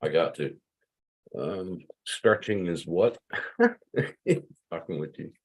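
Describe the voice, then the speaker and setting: A man's voice: low voice, lively intonation, slow, breathy edge. A man in his fifties from Pennsylvania, hosting a loose livestream chat, rambling and swearing freely. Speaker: livestream host.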